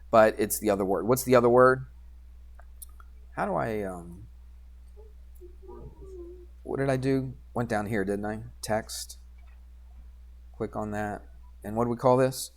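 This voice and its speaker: A casual male math teacher gives a classroom geometry lesson, speaking a little slowly in a mid-range voice and pausing often. He's conversational, asking students questions and answering them himself, muttering asides while working drawing software.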